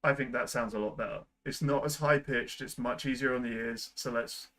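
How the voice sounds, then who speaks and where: Bright-voiced young man explaining editing. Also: medium pitch, fairly quick, low-quality recording. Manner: relaxed and rambling, with frequent ums and likes. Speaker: video editing tutor. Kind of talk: casual screen-recorded tutorial. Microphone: desk microphone at a computer.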